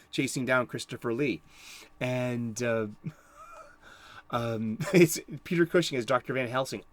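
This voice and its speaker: A man's voice: mid-range voice, dry recording. A man giving casual commentary on horror movies, rambling and chuckling, with many restarts.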